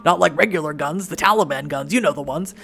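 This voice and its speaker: A woman's voice: low-pitched, creaky, a bit bright. A woman playing a cruel, sneering werewolf thug. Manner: mocking, sneering, drawn-out taunts.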